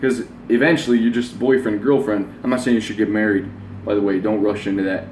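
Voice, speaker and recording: A man's voice: lowish voice, level tone, fast talker, a little mellow, slight background noise. Blunt swearing young man in an echoey room. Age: 20s. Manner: blunt, swears freely, rambling with restarts. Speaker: self-help vlogger. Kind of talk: casual motivational monologue. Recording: roomy echo, voice from the mic.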